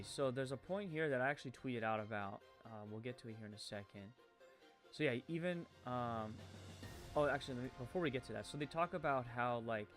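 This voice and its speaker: A man with a French-Canadian accent giving rambling live-stream commentary, full of fillers, who corrects his own stumbles. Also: mid-range voice.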